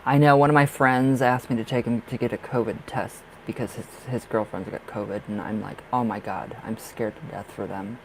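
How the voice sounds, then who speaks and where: A man's voice: on the low side, fairly even intonation, normal speed, hardly any pauses, slight background noise, low-quality recording. A man hosting a live tarot reading stream, chatting casually and expressively with viewers and laughing often.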